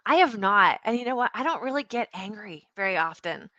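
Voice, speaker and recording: A woman's voice: mid-range voice, a little fast, dry recording, dull audio. A woman, a podcast guest, talking casually in an interview and acting out bits of quoted dialogue. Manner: animated, acts out quoted dialogue. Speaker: podcast guest, founder and CEO.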